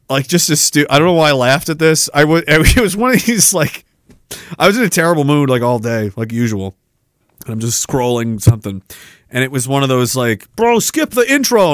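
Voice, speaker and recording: A man hosts a livestream in a loose, meandering and foul-mouthed style, flaring up easily and swearing between stretches of chatter. His voice is slightly high, and the recording is dry.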